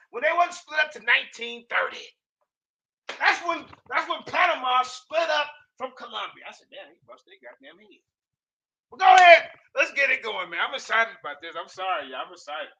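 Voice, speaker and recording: A man moderating an online debate on a video call, excitable and slangy. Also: very high-pitched, rough recording. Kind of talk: excited casual hosting.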